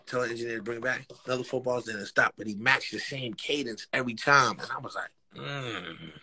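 A brisk, mid-range voice with a New York accent belongs to a rapper telling street stories in a casual interview. Animated and slang-filled, he acts out quotes and laughs often.

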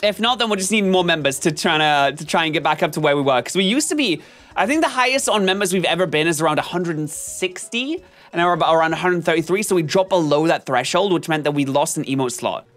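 A man streaming gameplay commentary, chatting with his viewers in an animated, self-mocking and melodramatic way. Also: fairly high pitch, quick pace. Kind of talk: live-stream gameplay commentary, reading chat.

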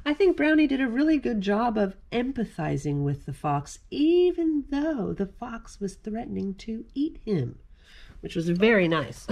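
A woman reading a storybook aloud to children, gentle and expressive as a librarian at storytime. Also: fairly high pitch.

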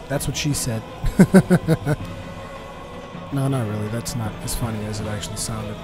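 A man doing joking, sarcastic gameplay commentary, getting excited during fights. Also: medium pitch, measured pace, long pauses, music in the background. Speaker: let's play commentator.

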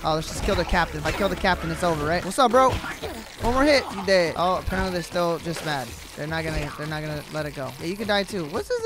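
A young man giving slangy, excitable, trash-talking commentary while playing a video game. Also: high-pitched, quick pace. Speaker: gaming YouTuber. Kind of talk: gameplay commentary. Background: game music.

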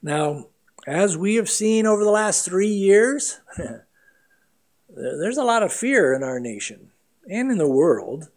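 A middle-aged man preaching a sermon as pastor, earnest and emphatic, with big swings between loud and quiet. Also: sits high, sing-song, slow pace, pauses often.

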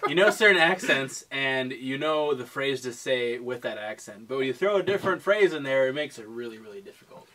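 A man's voice: medium pitch, animated, a little fast, hardly any pauses, bright, forceful tone, low-quality recording. A man co-hosting a casual challenge video, joking, self-deprecating and laughing often. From Wisconsin. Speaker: co-host. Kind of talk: casual chat.

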